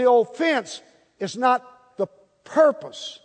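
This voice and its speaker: Male preacher, high voice, folksy and animated, hall reverb. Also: moderate pace. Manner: folksy, animated, acts out little scenes. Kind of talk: sermon. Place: church hall before a congregation.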